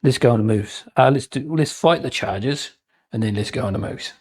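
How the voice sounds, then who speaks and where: A man's voice: medium pitch, moderate pace, a little mellow, husky, low-quality recording. A man narrating a solo tabletop wargame battle report in a chatty way, with joking asides and frequent ums. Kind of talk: casual game commentary.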